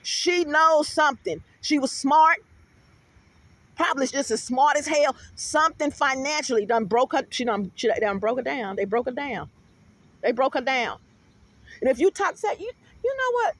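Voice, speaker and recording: A woman's voice: high voice, moderate pace. A middle-aged woman host speaking, telling stories animatedly in a casual interview chat and calling out to viewers. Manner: animated storytelling, addresses viewers as y'all.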